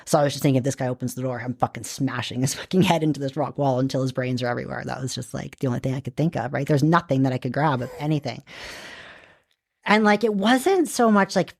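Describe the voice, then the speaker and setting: Woman from Canada, podcast guest, low and dry, quick and animated, swears a lot. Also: gravelly, dry recording. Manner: animated, profane, quick with frequent "like". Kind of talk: casual storytelling.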